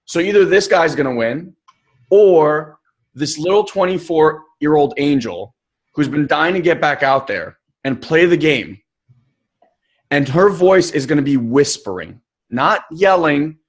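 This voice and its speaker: A man's voice: on the high side, expressive, unhurried. A man coaching in a live webinar, speaking emphatically and casually, with occasional swearing. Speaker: life coach.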